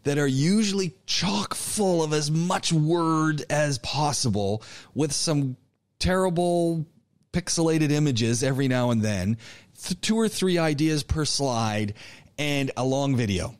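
A man teaching an online public speaking class, lecturing in an animated, coaching way with frequent restarts. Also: fairly high pitch, unhurried. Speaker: college public speaking instructor.

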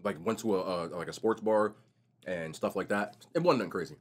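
A young man vlogging casually while eating, telling stories in a slangy, animated way. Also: sits low, fairly quick, slight background noise. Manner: animated, slangy storytelling, says bro a lot. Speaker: mukbang vlogger.

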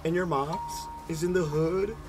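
A young man hosting a co-op gameplay stream, bantering loudly in slang and shouting directions to his partner. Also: a little high, a little slow. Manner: loud slang-heavy banter, shouting instructions. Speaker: streamer host. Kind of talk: casual co-op gameplay chat. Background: game music.

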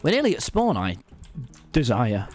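A British man streaming a game, loud and excitable, swearing and breaking into shouts. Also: medium pitch, moderate pace. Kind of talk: chaotic gaming banter.

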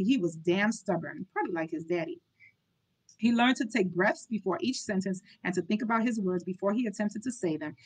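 A woman's voice: medium pitch, low-quality recording. A young woman hosting a book club, reading a novel aloud and breaking off for chatty, candid asides, often stumbling and restarting.

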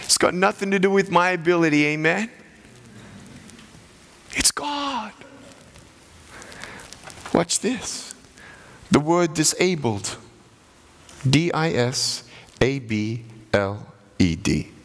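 A man, giving an animated, playful motivational sermon to a college chapel crowd. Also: on the high side, takes it slowly, long pauses. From Australia. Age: 30s. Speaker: guest chapel speaker. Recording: echoey hall.

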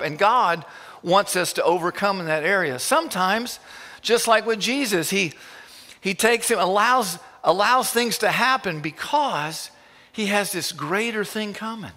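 A male pastor delivers a sermon in a casual, stop-and-start manner, his voice fairly high and bright. A long church reverb trails every phrase. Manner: informal, halting with restarts.

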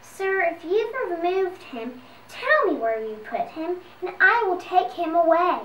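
A young speaker voicing a distraught young woman, Mary Magdalene, in a children's Bible story with high, urgent lines. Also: big pitch swings, a little slow, fairly bright tone, reverberant, far from the mic, slight background noise, full character voice, rough recording.

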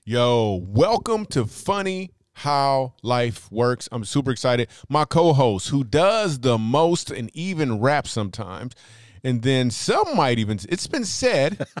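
A man's voice: mid-range voice, sing-song, slow. A man hosting a podcast who teases his co-host in casual, playful banter. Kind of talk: casual chat.

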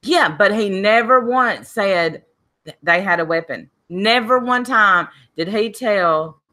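A woman co-hosting a casual chat show, animated and opinionated, acting out quotes as she talks. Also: medium pitch, slow. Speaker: podcast co-host.

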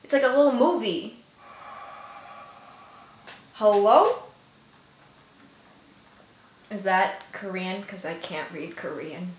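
A woman's voice: mid-range voice, slow pace, long pauses, a little hiss or hum. A woman reacting to a music video, gushing, giggling and talking to herself. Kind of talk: excitable reaction commentary. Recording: echoey room with music playing. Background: music video playing.

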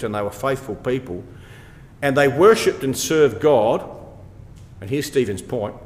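A man at middle pitch leads a Bible study, working through a passage verse by verse. He presses his points with rhetorical questions and emphatic repetition. His voice rings with the long reverb of a large hall. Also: darkish tone. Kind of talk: expository Bible talk.

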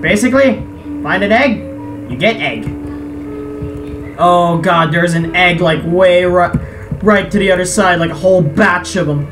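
A woman's voice: lowish voice, unhurried, pauses often. A woman playing a farming game, casually reading characters' lines aloud and trash-talking with lots of swearing. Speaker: let's play gamer. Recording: distant mic with loud game music.

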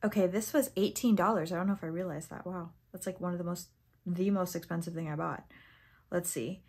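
A young woman reviewing makeup on camera, chatty and easily excited, sometimes reading product text aloud and tripping over words. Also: lowish voice, fairly quick, breathy edge. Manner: chatty and excitable, gasping at swatches. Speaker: beauty vlogger. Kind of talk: casual first-impressions makeup review.

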